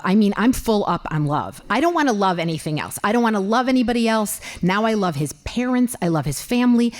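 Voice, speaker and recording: A woman in her fifties tells a funny personal story to a live audience. Her pitch swings widely as she acts out her own startled reactions. She talks in a lively, comic way. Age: 50s. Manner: animated, comic, voices her own exclamations loudly. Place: library event hall.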